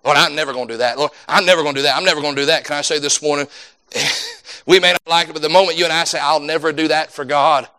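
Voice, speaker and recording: A man's voice: a little high, fairly even intonation, quick pace, clean tone. Fervent preacher man. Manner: fervent, repetitive preaching cadence with sudden loud climbs and quiet drops. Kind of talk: sermon.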